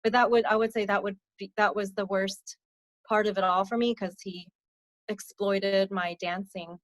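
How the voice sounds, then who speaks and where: A young adult woman giving a candid personal testimony as a podcast guest, speaking softly with many fillers and letting her voice sink on the hardest parts. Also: steady tone, normal speed, dry recording. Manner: soft-spoken, frequent fillers, drops low on hard parts. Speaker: podcast guest, abuse survivor mentor.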